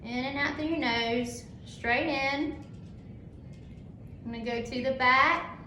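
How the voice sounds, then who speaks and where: A woman instructor leads a hands-on classroom demonstration, loud and upbeat, easing into a slow, soothing tone for a patient now and then. Her voice sits a bit high. The room rings with echo over faint background noise. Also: fairly even intonation. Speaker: dental assisting instructor.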